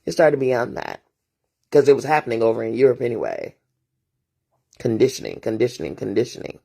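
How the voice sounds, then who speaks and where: A woman's voice: a bass voice, sing-song, brisk, creaky, warm tone, husky. A woman talking as a therapist and host in a casual morning monologue, emphatic and preachy, hammering points home through repeated phrases and rhetorical asides.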